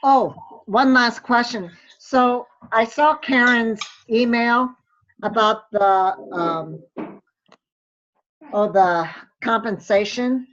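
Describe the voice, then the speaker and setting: A woman's voice: fairly high pitch, takes it slowly, fairly bright tone, a little hiss or hum. A woman with an American accent telling a story in a chatty way on a video call. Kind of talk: casual video-call chat. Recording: muffled video-call audio.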